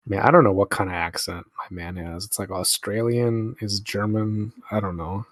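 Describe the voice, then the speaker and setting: A man's voice: fairly low pitch, steady tone, normal speed, a bit bright, no echo, clean studio sound. A young man giving casual, laid-back movie commentary, musing aloud and swearing freely. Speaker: film commentary host.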